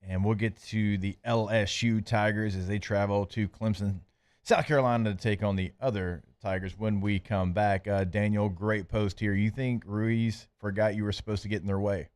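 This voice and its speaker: A man hosting a sports radio show, bantering quickly and reading live ads. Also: lowish voice, fairly even intonation, a little mellow. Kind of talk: casual sports talk and live ad reads.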